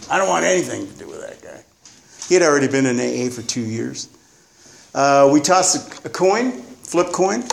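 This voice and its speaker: Blunt, rambling man with a higher voice. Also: gravelly, slight background noise. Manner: rambling, blunt storytelling with profanity. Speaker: recovering alcoholic sharing at a meeting. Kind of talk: candid personal testimony.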